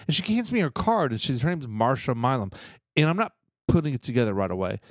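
A man's voice: mid-range voice, sing-song, fast talker, dry recording, clean studio sound. A man co-hosting a podcast, rambling through a story in casual chat and swearing freely. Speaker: podcast co-host.

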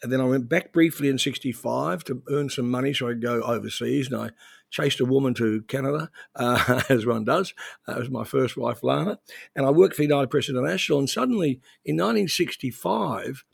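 A man's voice: medium pitch, gravelly, slightly rough, dry recording, clean studio sound. An older man from New Zealand, a former journalist, telling anecdotes in a rambling, conversational interview.

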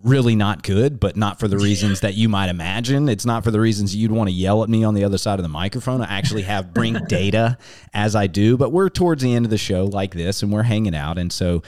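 A man's voice: lowish voice, fast, darkish tone, dry recording, clean studio sound. A man hosting a podcast in casual chat who rambles, restarts himself and laughs often. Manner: rambling, self-interrupting and laughing. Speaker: podcast host.

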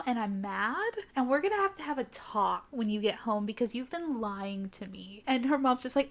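A young woman hosting a podcast, recapping a book in a sarcastic, casual way and acting out the characters' lines in quick asides. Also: fairly high pitch, expressive. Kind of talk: casual comedic recap with quoted voices.

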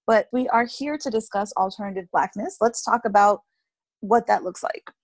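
A woman co-hosting a podcast in casual conversation, talking with a sing-song lilt that rises at the end of sentences, an animated storyteller. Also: medium pitch, moderate pace, dry recording. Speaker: podcast co-host.

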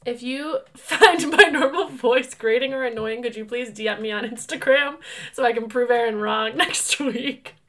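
Young woman podcast co-host, bright and a bit high, playful and laughing. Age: young adult. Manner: laughing, teasing, quick to joke. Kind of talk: casual chat.

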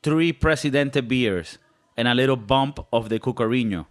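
A man's voice: mid-range voice, normal speed. A man co-hosting a casual podcast, joking and acting out silly scenes. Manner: joking, acts out silly scenes with a put-on British voice. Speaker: podcast co-host. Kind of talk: casual comedic chat.

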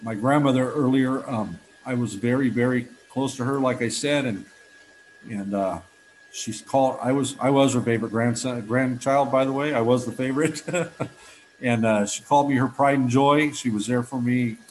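A man's voice: mid-range voice, normal speed, low-quality recording. A middle-aged man with a mid-range voice speaks at a recovery meeting. He tells his story earnestly and from the heart, often restarting his sentences. A faint hiss of noise sits behind him. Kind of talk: personal testimony talk.

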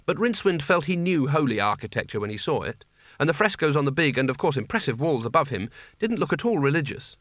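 A man's voice: a little high, sing-song, fast, a bit bright, no room sound. Man with a dry, close narrating voice. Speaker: audiobook narrator. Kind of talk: scripted narration.

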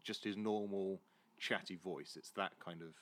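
A man with a Southwest London accent hosting a podcast, friendly and hesitant, with many fillers, his sentences trailing off quietly. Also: deep voice, fairly even intonation, normal speed. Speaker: podcast host. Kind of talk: casual chat.

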